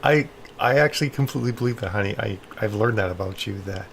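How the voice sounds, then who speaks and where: Man, livestream host, casual chat, affectionate, quick reactions, slightly low voice. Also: gravelly, a little hiss or hum. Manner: chatty, affectionate, calls people honey; reacts to viewer comments with quick exclamations. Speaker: livestream host of a writing session.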